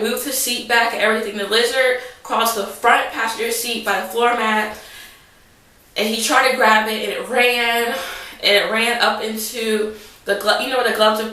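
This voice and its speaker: Young woman rambling thru a story, bright voice, super echoey room, kinda far from mic. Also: on the high side, fairly even intonation, moderate pace. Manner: rambling, dramatic, lots of "like". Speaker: vlogger. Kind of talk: casual storytelling. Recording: roomy echo, mic at a distance.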